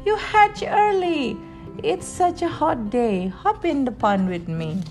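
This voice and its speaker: A woman voicing a gentle mother duck in a read-aloud storybook. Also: medium pitch, sing-song, unhurried, soft background music. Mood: surprised.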